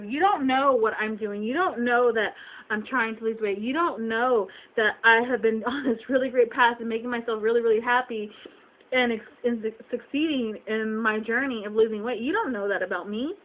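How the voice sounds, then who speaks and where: A young woman with a slightly high voice vents to her webcam, upset and close to tears. She repeats herself and throws out rhetorical questions. The audio is dull and lo-fi. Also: normal speed. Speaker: vlogger. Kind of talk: emotional venting to camera.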